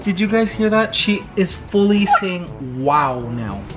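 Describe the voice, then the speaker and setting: A man's voice: high-pitched, lively intonation, unhurried, music in the background, rough recording. A man in his thirties vlogging casually, coaxing his pet parrot in a playful baby-talk voice. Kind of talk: casual vlog talk to camera.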